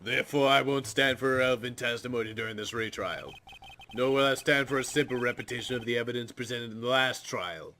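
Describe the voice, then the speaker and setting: A man's voice: medium pitch, fairly quick, pushed and bright, slight background noise, natural voice. A man doing a fussy old judge. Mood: formal. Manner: hesitant, formal. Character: elderly male judge, fussy and timid.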